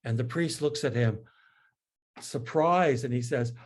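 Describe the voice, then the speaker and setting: A man's voice: mid-range voice, lively intonation, unhurried, a little mellow, breathy edge. A man, a priest, giving a spiritual lecture in a conversational storytelling manner. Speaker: priest teaching.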